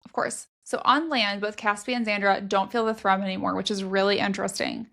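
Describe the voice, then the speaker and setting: A woman's voice: mid-range voice, steady tone, fairly quick, gravelly, sharp tone. Chatty woman co-host. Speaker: podcast co-host. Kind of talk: casual book recap chat.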